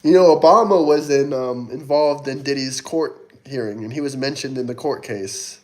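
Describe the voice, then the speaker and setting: A man's voice: mid-range voice, normal speed, darkish tone. A man hosting a casual livestream, reading super chats aloud and taunting commenters, coughing now and then. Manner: mocking, taunting. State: sweaty, coughing. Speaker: livestream host.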